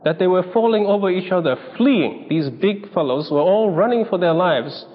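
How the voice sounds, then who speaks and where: Expressive and high-sitting, this man's voice carries a sermon at normal speed, full of stories in which he emphatically acts out the people he quotes. The recording sounds dull and lo-fi in a reverberant hall.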